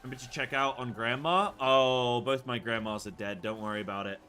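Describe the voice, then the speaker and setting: A man streams a game, chatting casually and rambling, muttering to himself as he picks options. His mid-range voice is bright and forceful, a little fast.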